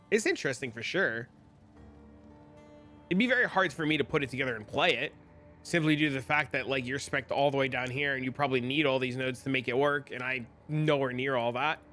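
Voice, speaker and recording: A man streaming a video game, rambling and thinking out loud as he talks through builds. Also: medium pitch, fast talker, soft background music. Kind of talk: casual gameplay commentary.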